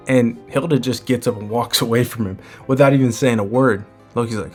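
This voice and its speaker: A man narrates a comic chapter breakdown in a relaxed, conversational manner. His voice sits at a middling pitch, and faint music plays behind it. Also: brisk, few pauses. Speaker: manga chapter recap host.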